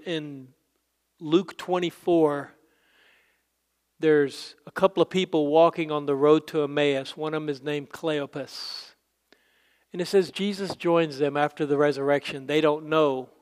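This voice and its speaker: A man's voice: on the high side, fairly even intonation, unhurried. A man preaching a casual, conversational sermon, acting out Bible scenes in quoted voices. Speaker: pastor.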